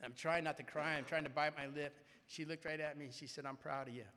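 A man speaking at a recovery meeting, telling a personal story in an animated way and often tagging his sentences with "right?". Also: a little high, fast talker. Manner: animated, keeps asking "right?". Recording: echoey hall reverb.

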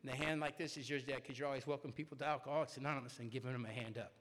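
A man's voice: mid-range voice, steady tone, very fast, a bit bright, slight background noise. Middle-aged man telling a story in a hall. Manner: conversational storyteller, often asks "right?". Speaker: recovery meeting speaker. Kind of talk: personal story told to a crowd.

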